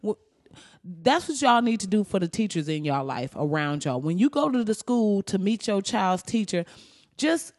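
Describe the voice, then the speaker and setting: A woman's voice: medium pitch, lively intonation, moderate pace, no room sound, studio quality. A woman telling stories in a rambling, profane comedic monologue. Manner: loud, rambling, profane storytelling with frequent laughs.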